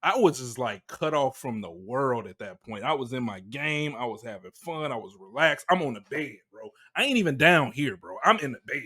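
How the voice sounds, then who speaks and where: Expressive laid-back man on a podcast. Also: medium pitch, normal speed, few pauses, slightly rough. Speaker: podcast co-host. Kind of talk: casual chat.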